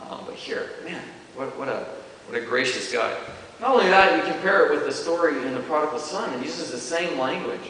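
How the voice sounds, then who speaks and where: Preacher far off in an echoey church. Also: male voice, fairly high pitch, expressive, a little fast, fairly bright tone. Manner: conversational, with many fillers and self-corrections. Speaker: pastor. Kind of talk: sermon. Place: church hall. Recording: distant, echoey church hall with hiss.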